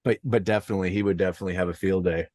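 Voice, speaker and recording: A man's voice: low-pitched, steady tone, rapid-fire, a little mellow, dry recording, studio quality. A man co-hosting a casual chat about comics, talking in a chatty conversational way. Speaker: co-host.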